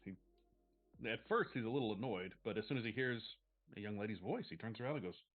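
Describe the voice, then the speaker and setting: A man's voice: on the low side, animated, quick pace. Man narrating a tabletop game, tinny. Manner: loose, filler-heavy describing. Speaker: game master. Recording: tinny phone-like sound, faint music.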